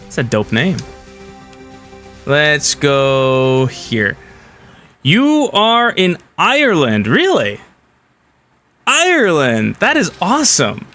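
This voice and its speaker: A man's voice: on the high side, wildly swooping pitch, takes it slowly, pauses often, sharp tone, faint music behind. A young man chatting casually with viewers while he livestreams a game, rambling in a friendly way. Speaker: game streamer. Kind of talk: casual live-stream chat while gaming.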